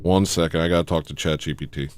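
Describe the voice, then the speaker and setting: A man hosting a comedy livestream, rambling deadpan through absurd asides. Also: rumbling low, normal speed, music in the background.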